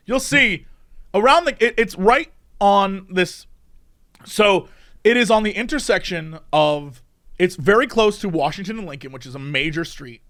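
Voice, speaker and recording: A man with a high, sharp-toned voice co-hosts a podcast. He tells a story in casual conversation, laughing often as he goes.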